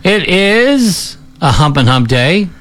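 A man's voice: on the high side, very animated, slow, music in the background. A man hosting a morning radio show in casual banter, chatty and tripping over hard words.

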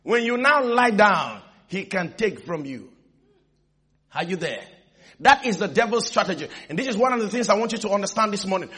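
A man's voice: high voice, big pitch swings, moderate pace, bright, forceful tone, slightly rough. A male pastor preaching an emphatic sermon, calling for amens from the congregation. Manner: emphatic call-and-response preaching.

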